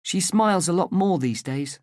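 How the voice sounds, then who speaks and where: A narrator reading a simple story aloud in a plain, careful and deliberate way for English learners. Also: medium pitch, expressive, a little mellow, no echo, studio quality.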